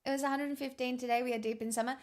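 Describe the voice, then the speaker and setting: A woman's voice: high-pitched, fairly even intonation, very fast. A young woman streaming, chatting casually with her viewers in a sarcastic, bantering way. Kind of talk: casual livestream chat.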